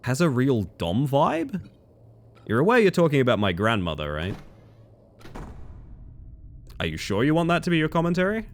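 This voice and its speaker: A man's voice: mid-range voice, huge pitch swings, normal speed, pauses often. A man streaming live, chatting casually with viewers and reading their messages aloud, laughing often. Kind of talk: casual live-stream chat while gaming.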